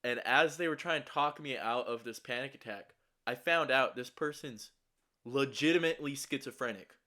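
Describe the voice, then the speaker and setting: In casual conversation, a young man rambles through a story, swearing and tripping over restarts and fillers. His mid-range voice is shaky and anxious, pushed and bright, at a moderate pace.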